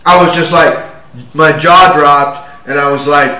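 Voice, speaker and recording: A man in his forties telling his own story in an agitated, halting way, with many restarts and fillers. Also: a little high, fairly even intonation, sharp tone, reverberant, recorded from a distance, poor audio. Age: 40s. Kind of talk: rambling first-person account.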